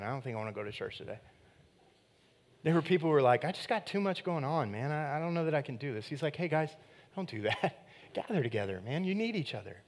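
Animated man preaching a casual sermon. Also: medium pitch. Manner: conversational and animated, acting out quoted voices; swings from loud emphatic bursts to quiet, hushed lines. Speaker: pastor.

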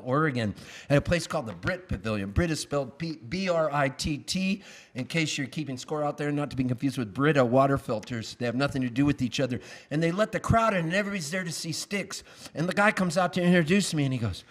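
A man's voice: fairly high pitch, lively intonation, quick pace. A man, a singer-songwriter, playing guitar live, singing and telling wry, self-mocking comic stories. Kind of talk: live song and comic storytelling.

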